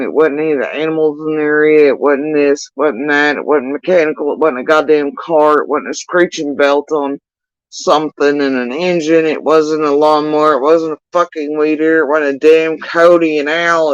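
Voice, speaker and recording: A man telling an emotional personal account, halting and swearing often as he recounts what happened. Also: a little high, steady tone, smooth, no echo, highs cut off. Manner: profane, halting, emotional retelling. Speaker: witness recounting events.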